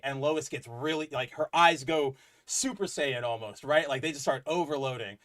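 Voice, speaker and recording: Guy co-hosting a comics podcast, kinda high voice, rambly and excited, lots of fillers. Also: moderate pace. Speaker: podcast co-host. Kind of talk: casual comic book chat.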